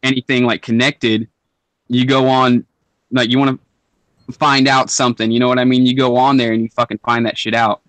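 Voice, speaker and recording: A man's voice: mid-range voice, level tone, a little fast, fairly bright tone, dry recording. Laid-back, slangy podcast guy. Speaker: podcast co-host. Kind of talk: casual chat.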